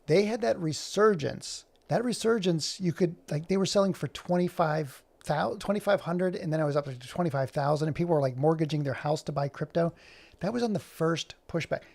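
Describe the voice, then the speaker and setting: Gravelly man ranting, heated and rambling. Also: on the high side, brisk, a little mellow. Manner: heated, rambling, swears freely. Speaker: animator and streamer. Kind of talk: casual ranting chat while working.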